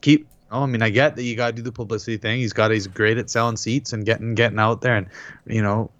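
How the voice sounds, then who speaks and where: A man co-hosting a podcast, casually telling an animated story and quoting others as he goes. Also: lowish voice, quick pace, no echo. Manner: animated retelling, quotes others in their voices. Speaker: podcast co-host. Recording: dull, dry lo-fi sound.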